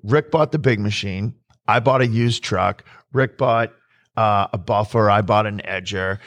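A man chatting casually as a host, telling lively stories, acting out quotes and laughing often. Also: on the low side, a little slow, no room sound. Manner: animated storyteller, acts out quotes, laughs often. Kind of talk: casual storytelling chat.

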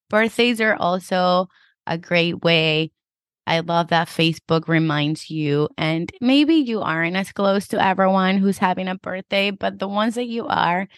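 Chatty woman with a low, dry voice. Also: no echo. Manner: chatty, lots of "like" and "you know". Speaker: podcast host, real estate agent. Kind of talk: casual advice chat.

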